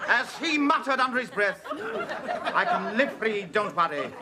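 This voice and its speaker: A man's voice: high-pitched, very animated, moderate pace, a loud crowd. An actor playing a pompous, easily offended male television executive in a studio sitcom, huffy and outraged. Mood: blustering. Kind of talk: 1980s studio sitcom acting. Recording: sitcom taped before loud studio audience.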